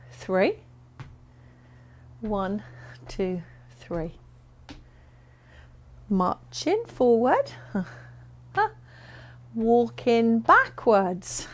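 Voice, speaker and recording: A woman leading a fitness class, giving upbeat, encouraging and playful instructions. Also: mid-range voice. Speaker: exercise instructor.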